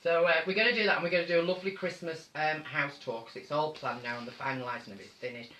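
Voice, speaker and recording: A man's voice: on the high side, fairly even intonation, quick pace, sharp tone, roomy sound, a little hiss or hum, poor audio. A man with a North Manchester accent hosting a casual live stream from his home, chatty and theatrical, calling his viewers darling. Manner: camp, chatty, theatrical, calls people darling. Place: home room.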